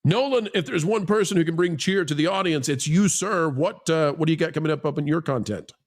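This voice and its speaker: Joking, slightly high-voiced male stream host. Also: brisk. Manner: jokey, teasing, rambling with fillers. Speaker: livestream host. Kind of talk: casual livestream panel chat.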